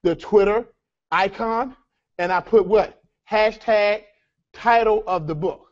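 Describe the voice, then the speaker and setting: A man teaching a live workshop, energetic, calling the audience folks and asking them rhetorical questions. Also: high-pitched, slow pace, lo-fi sound. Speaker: seminar speaker.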